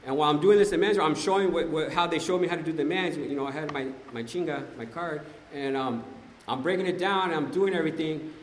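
A man giving a personal recovery testimony to a group, telling his story in an animated, slangy way and often addressing the listeners directly. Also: on the high side, fast talker, slight background noise. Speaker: speaker sharing at a recovery meeting. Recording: echoey hall with long reverb.

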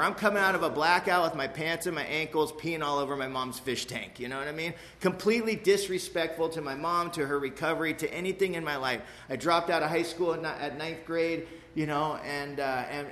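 Man with a slightly high voice, frank and street-casual, giving a recovery testimony to an audience, echoey room. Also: bright, forceful tone. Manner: frank and streetwise, tags lines with "man" and "you know"; emphatic, with quick repeats and restarts. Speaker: speaker sharing his recovery story. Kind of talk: personal testimony talk to a live audience.

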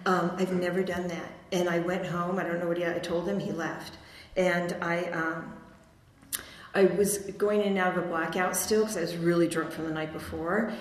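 A woman's voice: fairly low pitch, fairly even intonation, normal speed. A middle-aged woman telling her recovery story at a meeting in a rambling, chatty way with fillers and frequent self-mocking laughs. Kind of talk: personal testimony talk. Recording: echoey hall reverb, faint noise.

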